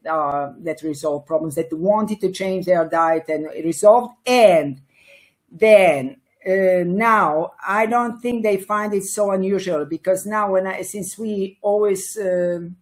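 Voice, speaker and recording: Interview guest: woman, 60s, from Italy, lively and laughing, lots of fillers, mid-pitched. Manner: animated, laughs often, many fillers and restarts. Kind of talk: casual interview conversation.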